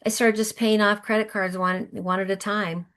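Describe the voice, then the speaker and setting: A woman's voice: medium pitch, little pitch movement, moderate pace, a bit bright. Earnest middle-aged woman telling her story. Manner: earnest, emotional recollection with many restarts. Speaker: podcast guest. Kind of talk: conversational storytelling.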